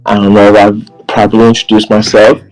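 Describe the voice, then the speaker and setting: A man voicing a friendly young man who talks gently and soothingly. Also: on the low side, monotone, brisk, faint music behind, pitched below the performer's own voice, close to an everyday voice, rough recording.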